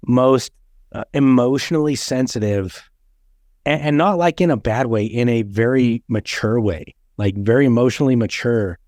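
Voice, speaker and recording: A man in his thirties hosts a podcast, his mid-range voice slightly mellow and moving at a normal speed. He chats casually and bluntly, swearing freely while telling stories, and the recording is dry with clean studio sound.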